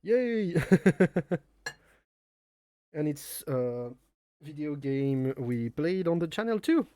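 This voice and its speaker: With a fairly high, mellow and clean voice on a dry recording, a French man chats slowly yet animatedly on a cooking live stream from his home kitchen. He speaks non-native English with a nasal French accent, rambling, joking about himself and chuckling often.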